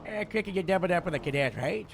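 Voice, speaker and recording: A man role-playing a police captain over radio chatter, halting and full of fillers, using police jargon. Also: high voice, expressive, slight background noise.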